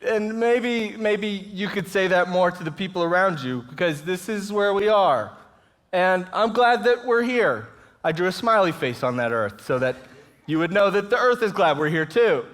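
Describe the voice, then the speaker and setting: A man's voice: high voice, moderate pace. A man in his thirties, a guest speaker giving an inspirational talk at a church service, telling stories with chuckles. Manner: lively storytelling with chuckles. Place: church auditorium, live audience.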